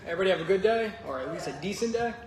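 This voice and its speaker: A man sharing his recovery testimony at a church group meeting, joking and relaxed, then earnest. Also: sits high, very fast. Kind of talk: casual personal testimony. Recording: echoey room with faint noise.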